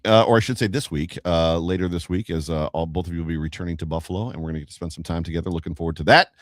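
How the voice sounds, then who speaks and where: Lively man hosting, low dry voice. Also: rapid-fire, few pauses, no echo. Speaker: podcast host. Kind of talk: casual sports chat.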